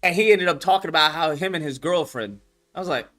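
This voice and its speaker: A man giving casual commentary, animated and profane, repeating his points. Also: a little high, fast, faint music behind. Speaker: online commentator.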